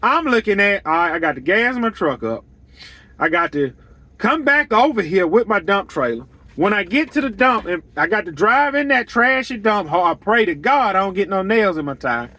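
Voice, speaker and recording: Lawn care guy talking biz, high voice, blunt, repeats himself a lot. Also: very animated, moderate pace, bright, forceful tone. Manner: blunt and emphatic, repeats his points. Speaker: lawn care business owner. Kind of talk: straight-talking business advice monologue.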